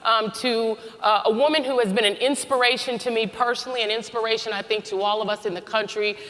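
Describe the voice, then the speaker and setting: A woman's voice: on the high side, fairly even intonation, fast, a bit bright. A woman moderating a large event, upbeat and playful with the crowd in a conference hall. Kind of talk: event hosting.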